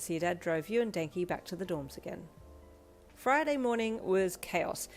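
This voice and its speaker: A woman reading a second-person fanfiction story aloud in a steady, gentle storytelling manner. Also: mid-range voice. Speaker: fanfiction reader.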